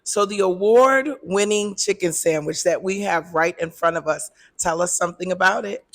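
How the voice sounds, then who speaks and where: A man's voice: high voice, normal speed, a bit bright. A man hosting an interview, tasting food and reacting with enthusiasm, sometimes talking with his mouth full. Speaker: host.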